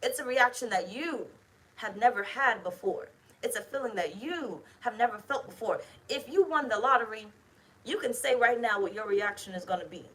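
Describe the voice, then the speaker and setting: Woman tarot reader, bright edgy tone, profane and blunt, chatty delivery to camera. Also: a little high, lively intonation, normal speed, rough recording. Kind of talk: casual tarot reading to camera.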